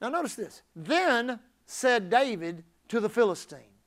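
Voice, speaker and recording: A male pastor preaching a sermon emphatically, building up to shouted climaxes. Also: extremely high pitch, big pitch swings, unhurried.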